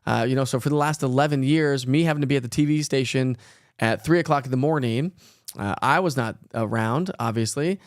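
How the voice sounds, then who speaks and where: A man in his thirties hosts a casual morning weather livestream, talking in a chatty, rambling way full of folksy asides. His voice sits at an ordinary middle pitch. The sound is dry and close, with no room echo. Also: brisk. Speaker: weather show host.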